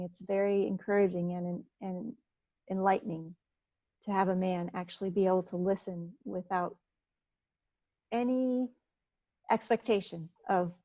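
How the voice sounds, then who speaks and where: A woman's voice: mid-range voice, mellow, no room sound, rough recording. A woman giving an informal talk at a business meeting, speaking conversationally with frequent fillers and restarts. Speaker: presenter at a business networking meeting. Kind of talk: informal presentation.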